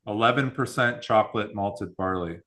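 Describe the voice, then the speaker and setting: A man's voice: lowish voice, moderate pace. A man hosting a whiskey club tasting, chatting casually and reading out mash bills and proofs. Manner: relaxed, reads out mash bills and tasting notes.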